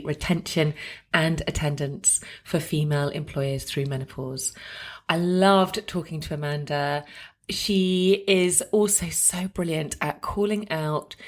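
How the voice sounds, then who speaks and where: A middle-aged woman hosting a podcast, speaking a little low. She introduces her guest with gushing enthusiasm and asks her questions eagerly. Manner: warm, effusive and gushing about her guest. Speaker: podcast host. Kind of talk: podcast interview.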